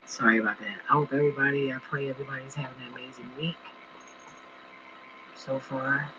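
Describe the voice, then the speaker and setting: A man's voice: medium pitch, steady tone, a little fast, noisy background. A man in his forties talking to his viewers in a slangy, rambling vlog style, often getting sidetracked at home. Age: 40s. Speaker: vlogger. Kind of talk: casual vlog talk. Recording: dull lo-fi recording.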